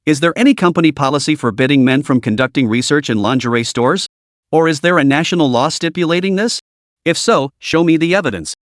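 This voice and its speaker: A man's voice: on the high side, a little fast, no room sound, clean studio sound, lightly acted. A man voicing a cold, stern young woman executive with a curt, commanding manner, read in a recap.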